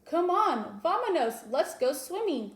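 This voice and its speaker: A cheerful young girl from a picture book, read aloud by a woman, bright and excited, a little high in pitch. The voice carries a roomy echo. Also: unhurried.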